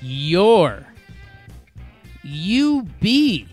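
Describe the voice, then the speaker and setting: A man's voice: fairly high pitch, animated, a little slow, a bit bright, smooth, faint music behind. A man co-hosting a podcast, chatting casually about sports bets in a rambling, joking way with many restarts. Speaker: podcast co-host making betting picks.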